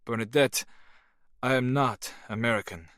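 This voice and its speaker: A man's voice: mid-range voice, moderate pace, a bit bright, no echo, studio quality, natural voice. A man voicing an earnest Russian spy.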